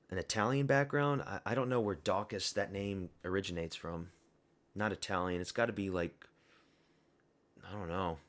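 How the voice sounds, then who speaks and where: A young man giving a casual, blunt and rambling fight review monologue, full of opinions and fillers. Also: low-pitched. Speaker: MMA commentary YouTuber.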